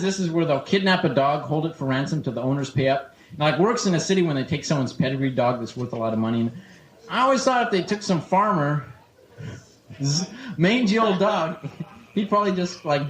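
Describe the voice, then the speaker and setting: A man's voice: a little high, animated, fairly quick, roomy sound, slight background noise. A man performing a stand-up comedy set, joking and stumbling over his restarts. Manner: joking, acts out characters, stammers on restarts. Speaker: stand-up comic. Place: comedy club stage with live audience. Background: audience laughter.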